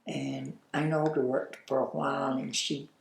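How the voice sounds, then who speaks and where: An older woman with a Southern drawl tells her memories in a slow, folksy way, breaking into laughs. Her voice is low and gravelly. The room around her is echoey. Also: level tone. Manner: folksy, chatty, laughs while telling anecdotes. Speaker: interviewee, former store owner. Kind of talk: oral history storytelling.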